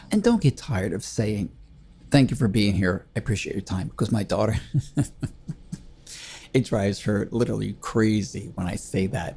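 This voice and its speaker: A man's voice: on the low side, gravelly, mellow, husky. An older man, a grieving widower, hosting a reflective talk on grief in an earnest, conversational way, retelling little anecdotes. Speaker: host.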